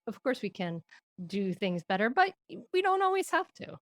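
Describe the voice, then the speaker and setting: Gentle reflective woman guest. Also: a little high, sing-song, normal speed, dry recording, clean studio sound. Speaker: podcast guest, parenting expert. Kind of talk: interview conversation.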